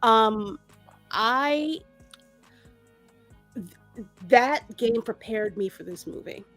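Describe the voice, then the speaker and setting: A woman co-hosting a casual podcast, talking in an animated way with laughs and many restarts. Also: fairly high pitch, very slow, soft background music. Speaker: podcast co-host. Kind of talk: casual chat.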